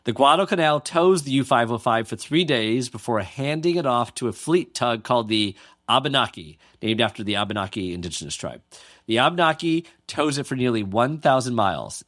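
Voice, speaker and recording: A man's voice: medium pitch, sing-song, brisk, a bit bright, no echo, studio quality. A man hosting a podcast, telling a history story in a casual, jokey way and reading quotes aloud. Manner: jokey, reads quotes aloud with playful asides. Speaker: podcast host.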